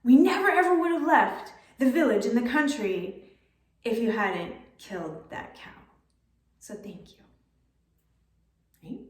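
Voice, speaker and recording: A woman's voice: a little high, expressive, a little slow, long pauses. A woman life coach telling stories and giving advice in a casual manner, often checking in with "right?". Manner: casual, keeps asking "right?". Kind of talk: storytelling and coaching talk. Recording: roomy echo, distant mic.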